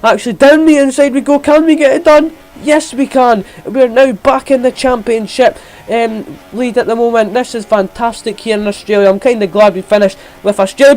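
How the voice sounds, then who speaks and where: A man giving excited, rapid play-by-play commentary on his own racing game, jumping up in pitch at the big moments. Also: poor audio.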